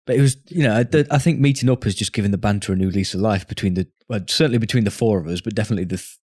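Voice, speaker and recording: A man's voice: fairly low pitch, very fast, darkish tone, no echo, clean studio sound. A man co-hosting a podcast, chatting in an easygoing way with teasing banter. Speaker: podcast co-host. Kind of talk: casual chat over drinks.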